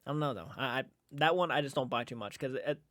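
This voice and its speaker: A man's voice: mid-range voice, fast, fairly bright tone. A man hosting a reaction video, giving casual commentary and thinking aloud hesitantly with many fillers.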